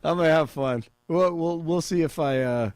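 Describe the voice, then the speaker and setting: Higher voiced radio dude, jokey, laughs a lot, dry studio sound. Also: male voice, normal speed, darkish tone, clean tone, dry recording. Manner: teasing, laughs often. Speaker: sports and news update anchor. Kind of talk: talk radio banter and sports update. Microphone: studio microphone.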